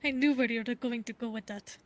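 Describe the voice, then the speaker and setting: A woman voicing an awkward, earnest young woman adventurer in a tabletop role-play, speaking haltingly. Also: a little high, fairly even intonation, no room sound, lightly acted. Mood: playful.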